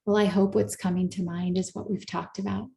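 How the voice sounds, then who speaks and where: A woman therapist giving an earnest, coaching talk to a live audience, slowing down to stress her points. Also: medium pitch, flat delivery, creaky, mellow, roomy sound. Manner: earnest, coaching, slows down for emphasis. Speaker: therapist and speaker.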